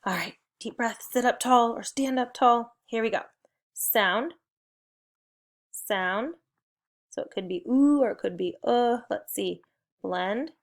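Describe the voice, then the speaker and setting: A woman's voice: a little high, normal speed, vocal fry. A young adult woman, leading a recorded spelling and phonics lesson for young children with cheerful, encouraging call-and-response prompts. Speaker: teacher.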